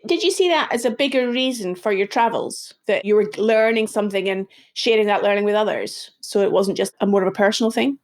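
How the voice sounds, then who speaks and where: A woman hosting a podcast, asking thoughtful, measured interview questions. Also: medium pitch. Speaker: podcast host.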